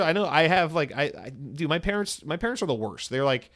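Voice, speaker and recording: A man's voice: fairly high pitch, expressive, fast, hardly any pauses, fairly bright tone. A man of about thirty hosting a solo podcast in a casual, rambling way. He swears freely and acts out the people he quotes. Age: 30s. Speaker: podcast host.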